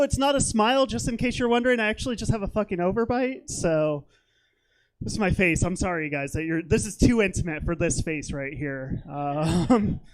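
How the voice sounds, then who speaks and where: A young man doing a stand-up comedy set on a theater stage, rambling and self-deprecating, with lots of fillers. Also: a little high.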